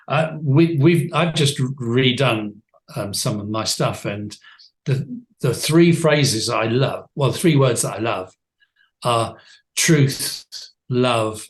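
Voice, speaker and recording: A man's voice: medium pitch, slow. Older male coach telling his story. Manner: thoughtful, with frequent restarts and soft laughs. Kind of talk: reflective interview storytelling.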